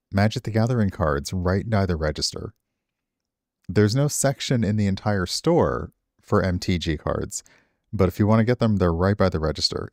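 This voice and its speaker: A middle-aged man with a very low voice rambles easily to his viewers, poking fun at himself as he goes. His voice is recorded dry and close, with no room sound. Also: vocal fry, no room sound. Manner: rambling, self-deprecating, chatting to viewers. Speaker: streamer. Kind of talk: casual stream chat.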